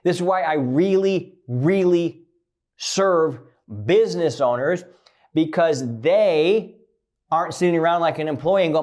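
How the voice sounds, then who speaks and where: This man coaches on relationships in a blunt, foul-mouthed monologue at a measured pace, pausing often. His delivery swings from loud emphasis down to quiet, low remarks.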